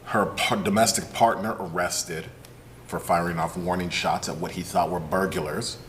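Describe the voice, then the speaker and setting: This podcast co-host has a low, steady, fairly bright voice and talks at a normal speed, with a little hiss or hum in the background. His commentary is heated: an angry, sarcastic rant laced with frequent swearing.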